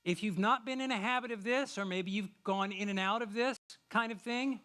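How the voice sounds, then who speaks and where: High bright-voiced male pastor preaching. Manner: conversational, acts out quick little dialogues. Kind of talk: sermon.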